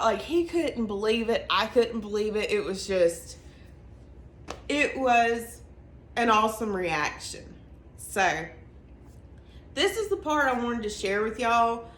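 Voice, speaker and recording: A young woman with a Southern US accent telling her story to camera in a chatty, earnest way, racing through some phrases and slowing right down on others. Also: mid-range voice, a bit bright. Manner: chatty, earnest, quick bursts between slow emphatic phrases. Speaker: vlogger. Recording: echoey room with faint ambient noise.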